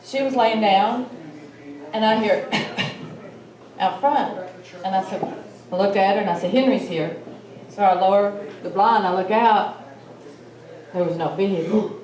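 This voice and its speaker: A woman's voice: medium pitch, a little slow, long pauses. Woman telling a campfire story. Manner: animated storyteller, acts out quoted lines. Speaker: symposium speaker. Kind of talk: telling a personal encounter story. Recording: echoey hall, mic far off.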